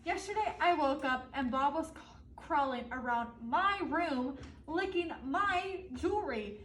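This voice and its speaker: A woman's voice: sits high, expressive, a little slow, fairly bright tone, slight background noise. A woman reading a picture book aloud to children, stopping to ask them questions. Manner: asks the children questions between pages. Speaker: storybook reader. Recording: echoey room, distant mic, faint ambience.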